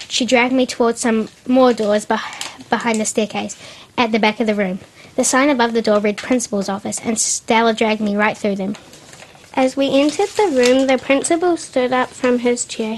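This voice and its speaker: A woman's voice: a little high, slight background noise. Woman reading her story with slips. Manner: unpolished reading with restarts and slips.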